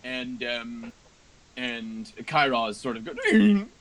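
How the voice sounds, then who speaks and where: A man narrating as game master of a tabletop game, relaxed and halting. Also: medium pitch, low-quality recording.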